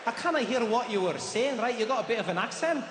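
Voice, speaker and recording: A man's voice: very high-pitched, animated, fast, crowd noise. A man voicing a polite, puzzled waiter who speaks with a Scottish accent. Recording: echoey hall with ambient noise.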